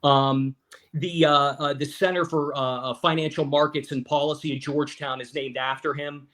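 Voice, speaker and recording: A man's voice: fairly high pitch, steady tone, normal speed, a bit bright. A middle-aged man from West Virginia, a guest telling his family story in an interview, earnest and often restarting his words. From Weirton, West Virginia.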